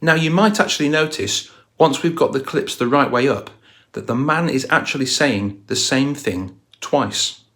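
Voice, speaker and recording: A man's voice: medium pitch, moderate pace, fairly bright tone. A man hosting a music channel, walking through a music video scene by scene and explaining it. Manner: storytelling, analytical walkthrough. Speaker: guitar channel host.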